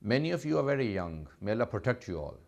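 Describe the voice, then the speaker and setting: A man's voice: mid-range voice, very animated, fast, creaky, darkish tone. A man preaching a sermon, telling a sad story with growing emotion. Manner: impassioned, rising in grief.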